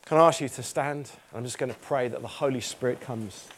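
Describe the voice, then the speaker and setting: A man's voice: medium pitch, brisk, a little hiss or hum. A man preaching a sermon in church, earnest and emphatic, repeating phrases and reading scripture aloud.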